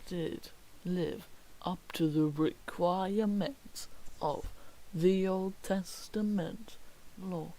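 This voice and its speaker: A man's voice: high voice, mellow, poor audio. A young man reading his homework aloud on a stream, breaking off into wry joking asides. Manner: wry, slips into whispered mock remarks. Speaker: student streamer.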